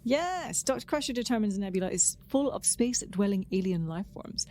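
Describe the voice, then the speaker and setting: Woman, podcast co-host, casual chat, chatty, enthusiastic, middle pitch, faint background noise. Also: lively intonation, brisk, dark tone. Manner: chatty, enthusiastic, frequent "um" restarts.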